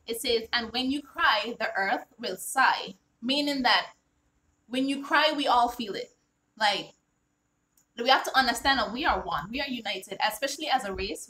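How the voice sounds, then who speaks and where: A woman's voice: on the high side, pushed and bright, poor audio. A woman author talking casually on her vlog, reading lines from her own children's book aloud and explaining each one in an earnest way, often checking in with "all right?".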